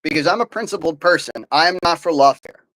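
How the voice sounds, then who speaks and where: Animated opinionated male podcast host. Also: on the high side, fairly quick, poor audio. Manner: animated, opinionated, many fillers and restarts. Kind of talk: casual political talk.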